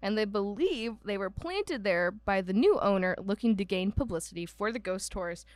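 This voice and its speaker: A young woman tells a haunted-house story in a chatty, rambling way, full of "um"s and side comments. Her voice sits at a middle pitch and is recorded close and dry, with no room sound. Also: animated, moderate pace, a little mellow, no room sound. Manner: chatty storyteller, many "um"s and asides, mock voices for quoted people. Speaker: podcast co-host. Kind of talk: casual chat about a haunted house.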